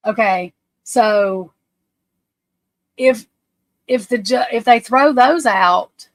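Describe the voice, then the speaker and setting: A woman's voice: on the high side, dry recording, rough recording. Flustered woman streaming. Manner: anxious, flustered, halting restarts. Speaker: livestream host. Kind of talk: casual livestream chat.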